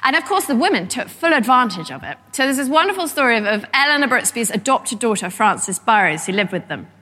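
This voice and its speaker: Bright-voiced woman lecturing in a hall. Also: fairly high pitch, a little fast. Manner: lively, animated storyteller. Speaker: historian giving a lecture. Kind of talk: public lecture, storytelling.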